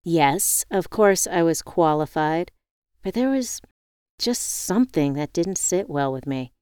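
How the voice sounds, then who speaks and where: A woman narrates a first-person audiobook in a low, smooth voice. Her reading is measured and expressive. The sound is dry and close on the mic. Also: no room sound.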